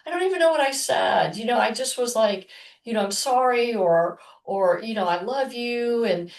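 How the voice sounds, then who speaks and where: A woman co-hosting a podcast, telling a personal story in a loose, rambling way with many restarts and soft murmurs. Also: fairly high pitch, expressive, moderate pace, echoey room, distant mic. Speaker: podcast co-host. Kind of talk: casual chat, personal storytelling.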